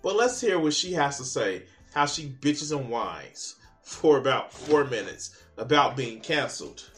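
Male reaction commentator, bright forceful voice, sarcastic and profane, exasperated delivery. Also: mid-range voice, very animated, unhurried, faint music behind. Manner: mocking, exasperated, swears a lot.

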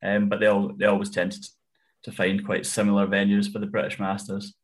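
A man tipping golf bets in casual chat, analytical and measured with frequent ums. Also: fairly low pitch, monotone. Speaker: golf betting tipster.

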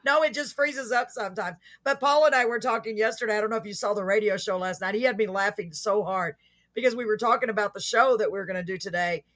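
A chatty Texan woman co-hosting a casual talk show over a video call. Her voice is bright and forward, and she laughs easily as she talks. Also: medium pitch, fast talker. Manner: laughs often, chatty and excitable. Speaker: podcast co-host. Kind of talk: casual chat.

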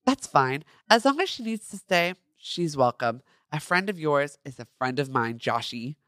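A man reading the lines of an eager, smitten young man in his own fan fiction, warmly welcoming. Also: on the high side, sing-song, normal speed, no echo, studio quality.

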